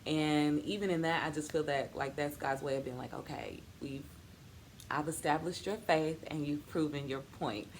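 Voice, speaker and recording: A woman's voice: low-pitched, fairly even intonation, moderate pace, a little hiss or hum. A woman in her thirties sharing a personal testimony in a vlog, earnest and faith-filled, acting out the people in her story as she tells it. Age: 30s. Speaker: vlogger.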